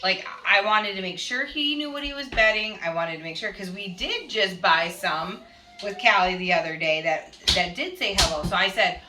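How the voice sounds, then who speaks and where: A woman's voice: mid-range voice, animated, normal speed. A woman, a mother, chatting casually as she tells a family story and acts out what others said. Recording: echoey room, voice from a distance, faint noise.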